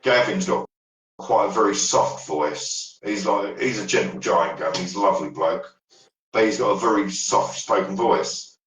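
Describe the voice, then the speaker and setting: Man, deep voice, rambling paranormal storyteller, recorded off-mic in an echoey room. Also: normal speed, fairly bright tone, recorded from a distance. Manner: rambling storyteller, trails off and restarts. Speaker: paranormal investigator guest. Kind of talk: casual podcast chat.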